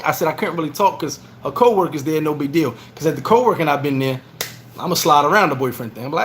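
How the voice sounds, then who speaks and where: A man's voice: on the high side, fast, a little hiss or hum. A man hosting a casual livestream vlog and telling stories, acting out the lines he quotes. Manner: animated storytelling, acts out quoted lines. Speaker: vlog host. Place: bar in the Dominican Republic.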